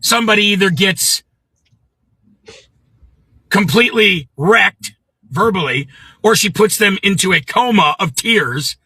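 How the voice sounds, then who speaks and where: A man's voice: sits high, animated, unhurried, long pauses, pushed and bright, husky, no room sound, low-quality recording. A middle-aged man from the American Midwest hosting a livestream, telling a story in a blunt, profane rant and greeting viewers by name. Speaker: livestream host. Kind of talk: ranting livestream monologue.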